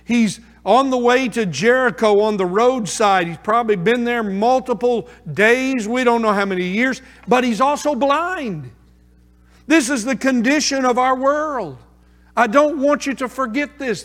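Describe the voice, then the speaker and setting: A male pastor preaches a sermon to a congregation, hammering his points home by repeating them. His voice sits notably high, and long reverb from the sanctuary trails after each phrase. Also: fairly bright tone. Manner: emphatic, repeating phrases for stress. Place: church sanctuary before a congregation.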